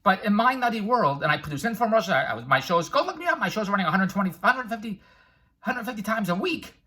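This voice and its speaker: A man's voice: high voice, sing-song, quick pace, sharp tone, slightly rough. An older man giving a brash, rambling motivational monologue full of tangents, laughing at his own jokes. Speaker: vlogger and infomercial producer.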